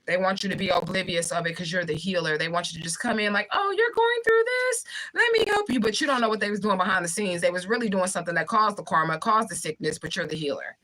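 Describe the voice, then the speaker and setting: A young woman hosting a livestream, talking fast and bluntly with swearing while she reads out viewer comments. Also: fairly low pitch, steady tone, pushed and bright, rough recording. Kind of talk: fast casual livestream talk.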